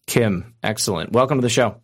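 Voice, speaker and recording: A man's voice: fairly low pitch, fairly quick. Supportive male call-in show host. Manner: supportive, affirming.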